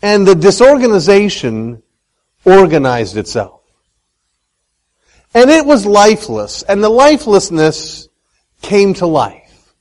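A man speaks to a live audience in a bright, lively way, with a higher voice that swoops up and down. He keeps turning questions back on his listeners and tells a homespun story. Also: low-quality recording. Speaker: speaker on Christian economics.

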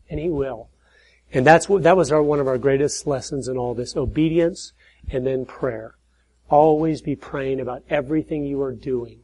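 A middle-aged man giving an earnest preaching talk, telling stories and building to emphatic points before dropping his voice low. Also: normal speed, warm tone, low-quality recording. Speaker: speaker at church and conservative conferences.

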